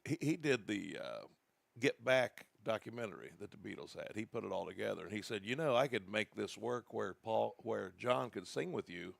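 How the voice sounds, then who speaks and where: Male podcast co-host, low and very gravelly, rambling storyteller, dry close mic. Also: expressive, normal speed, dry recording. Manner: rambling anecdotal storytelling with restarts. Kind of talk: casual storytelling chat.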